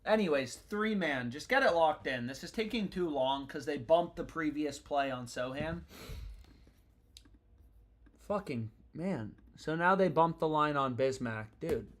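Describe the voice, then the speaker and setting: A young man hosts a casual betting live stream, talking in loose slang and swearing freely. His voice sits a little higher than most men's. He rambles and jumps between thoughts as he works through his picks. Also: animated, measured pace. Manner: slangy, profane, rambling and restless. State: annoyed.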